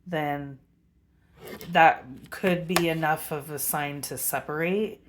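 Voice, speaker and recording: A woman in her forties, a wellness channel host, giving a slow, reflective spiritual talk with halting pauses. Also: low voice, steady tone, noisy background.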